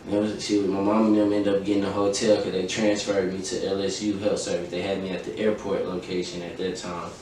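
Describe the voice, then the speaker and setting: A man's voice: low-pitched, level tone, brisk, a little mellow. Profane young man, echoey far-off mic. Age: young adult. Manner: profane, emphatic, recounting events with quoted dialogue. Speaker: podcast host. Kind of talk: casual storytelling chat. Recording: very echoey room, distant mic, faint noise.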